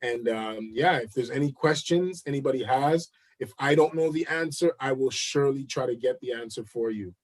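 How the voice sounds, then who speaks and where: A man's voice: medium pitch, normal speed, hardly any pauses. A man as a guest on a live chat interview, upbeat and salesy, repeating words for emphasis.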